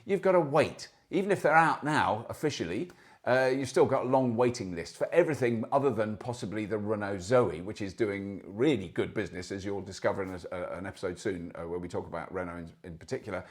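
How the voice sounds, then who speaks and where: A man's voice: lowish voice, a little mellow. Chatty man in his sixties. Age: 60s. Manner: chatty and anecdotal, with asides. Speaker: show host. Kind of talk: casual news commentary.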